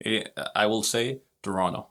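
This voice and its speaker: A man's voice: lowish voice, normal speed, fairly bright tone. A man with a Mexican Spanish accent, a native Spanish speaker, co-hosting a casual podcast and often restarting as he searches for words. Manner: hesitant, frequent restarts, laughs easily. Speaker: podcast co-host, English learner. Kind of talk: casual conversational lesson.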